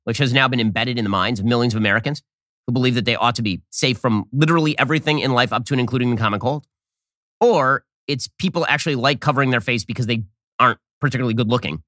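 A man hosting a political commentary show, talking in a fast, sardonic opinion monologue with quick restarts, on a close studio mic. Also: mid-range voice, pushed and bright, no room sound.

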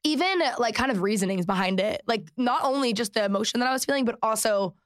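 A woman's voice: on the high side, fast talker. A young woman hosting a podcast, chatting in an agreeable, reflective way. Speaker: podcast host. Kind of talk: casual chat.

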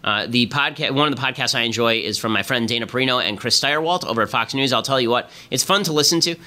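A man hosting a political commentary podcast, talking in a fast, emphatic, sarcastic way. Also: mid-range voice, pushed and bright. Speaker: podcast host.

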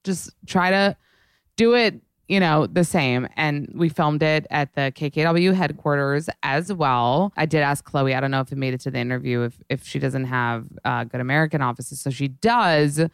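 Young woman, podcast host, gushing casual chat, heavy fry, dry close sound. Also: low-pitched, dry recording. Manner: gushing and fast, heavy swearing and "like".

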